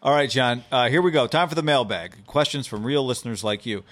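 A man's voice: medium pitch, fairly bright tone. A man co-hosting a casual sports podcast, rattling through ad reads and mailbag questions. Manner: rapid ad reads, playful. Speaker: podcast co-host.

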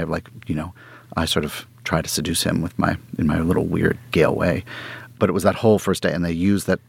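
A man, an actor guest, telling stories in casual conversation, animated, laughing and often restarting his sentences. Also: sits low, gravelly, husky, no echo.

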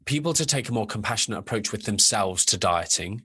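A man talking as a guest on a podcast, animated and rambling, full of restarts and sudden jumps in pitch. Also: a little fast, husky. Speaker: nutritionist guest. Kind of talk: casual podcast chat.

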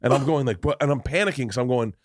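A man's voice: mid-range voice, fast talker, no echo, clean studio sound. A man hosting a podcast, telling a self-deprecating comic story with lots of restarts and laughter. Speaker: podcast host. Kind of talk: casual comedic storytelling.

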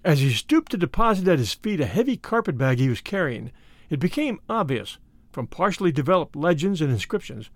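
Male audiobook narrator, expressive, lively intonation, fairly high voice. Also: fairly quick, dry recording. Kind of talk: scripted story narration.

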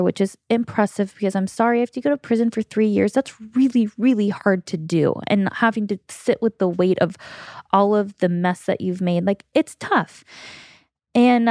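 A woman's voice: mid-range voice, dark tone, no echo, clean studio sound. A woman in her thirties, a podcast guest, telling a long story candidly and acting out the dialogue, with lots of "like". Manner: long storytelling runs with quoted dialogue and frequent "like".

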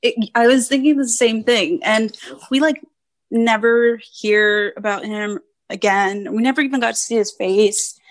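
A woman's voice: a little high, fairly even intonation, a little slow, no room sound. Easygoing woman co-host, dry close sound. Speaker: podcast co-host. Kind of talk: casual movie recap chat.

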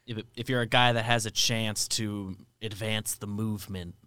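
A man's voice: lowish voice, steady tone, normal speed, sharp tone, smooth, no echo, clean studio sound. A man co-hosting a podcast, chiming in chattily during a casual sports chat. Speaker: podcast co-host.

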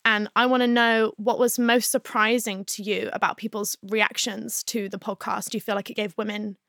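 A woman hosting a podcast interview, enthusiastic and quick to laugh. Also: mid-range voice, level tone, vocal fry, a bit bright, no room sound, studio quality. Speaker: podcast host.

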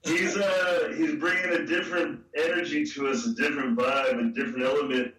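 A man from a band, guesting on a podcast, chatty and quick to laugh. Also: on the high side, fairly even intonation, crowd noise. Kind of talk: casual interview chat. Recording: roomy echo, distant from mic.

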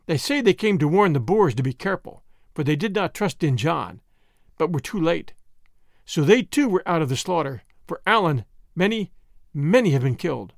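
A man voicing Marie, a gentle grieving young woman. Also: a little high, big pitch swings, moderate pace, creaky, no echo, studio quality. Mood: earnest. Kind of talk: audiobook reading.

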